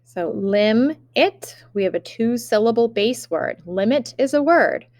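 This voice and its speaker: A woman teacher giving a remote spelling lesson, dictating words slowly and carefully with example sentences. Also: on the high side, lively intonation, darkish tone, no room sound, studio quality.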